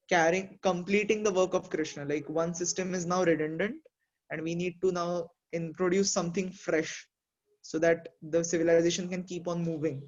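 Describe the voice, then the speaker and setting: A man with a high-pitched voice talks through his ideas in a casual group discussion. He reasons step by step and leans on fillers like "like" and "you know." The sound is dull and lo-fi, as on a muffled call. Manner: thoughtful, explains with examples, many fillers. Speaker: discussion participant.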